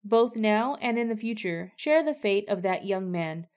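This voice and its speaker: A woman reading the lines of a formal male messenger addressing a king in a scripture reading, courtly and measured. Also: mid-range voice, lively intonation, darkish tone, natural voice.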